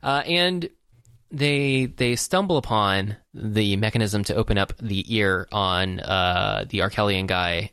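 A man casually recapping a movie scene by scene, rambling and halting with lots of fillers. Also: fairly low pitch, fairly bright tone, clear, resonant tone, dry recording.

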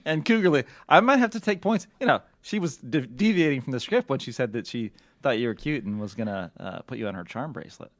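A man's voice: medium pitch, animated, quick pace, hardly any pauses, dry recording. A man co-hosting a podcast, chatty and teasing. His voice is close and dry, with no room sound. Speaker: podcast host. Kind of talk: casual chat.

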